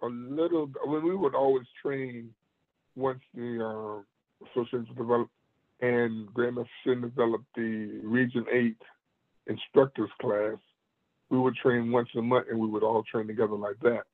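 Male martial arts master, animated storyteller, husky, heard over a tinny phone-like line. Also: medium pitch, normal speed. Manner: animated storyteller, laughs often. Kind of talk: storytelling in a conversation.

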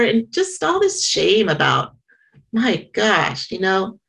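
Halting, earnest woman with a gravelly low voice. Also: animated, fairly bright tone, rough recording. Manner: halting and earnest, many pauses and restarts. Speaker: member sharing at a support meeting. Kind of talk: personal share at a small meeting.

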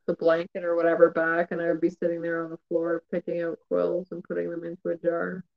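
Higher-voiced man in hesitant casual chat. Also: completely flat delivery, fairly quick, creaky, phone-quality sound. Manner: hesitant, trailing off with fillers and laughs.

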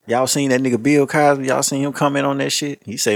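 A man's voice: medium pitch, steady tone, fast talker, no room sound. A man hosting a podcast, talking loosely and profanely in a casual, laughing way. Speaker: podcast host. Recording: music playing underneath.

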